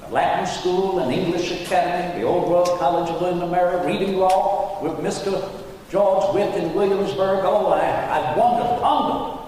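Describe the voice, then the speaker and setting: A man's voice: high voice, moderate pace, darkish tone, a little hiss or hum, lightly acted. A man playing Thomas Jefferson on stage, speaking in ornate, flowery old-fashioned oratory. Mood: genteel. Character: Thomas Jefferson, learned and genteel statesman. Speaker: historical re-enactor. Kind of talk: in-character stage Q&A. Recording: distant mic in echoey auditorium.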